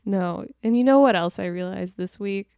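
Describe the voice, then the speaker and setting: A woman's voice: mid-range voice, moderate pace, darkish tone, smooth, no room sound, studio quality. A woman co-hosting a casual podcast chat, talking in a chatty way with lots of "like" and laughter. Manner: chatty, laughs, many fillers like "like". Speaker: podcast co-host.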